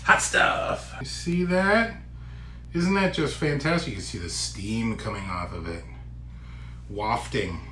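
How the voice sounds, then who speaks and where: Guy doing a food review vlog, lively voice, echoey room, faint hum. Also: mid-range voice. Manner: chatty, exclaims loudly at hot bites. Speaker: food vlogger.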